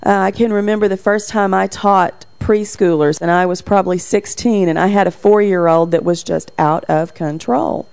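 A middle-aged woman gives a talk on parenting in a mid-pitched voice. She tells stories from home in a steady way. When she acts out what was said, her voice gets livelier. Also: normal speed, creaky, few pauses. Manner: anecdotal, acts out quotes with livelier voice. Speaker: parenting speaker.

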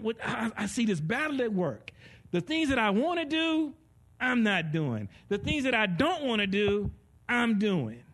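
A high-voiced man preaches a conversational sermon, animated and joking, swinging between soft and loud delivery.

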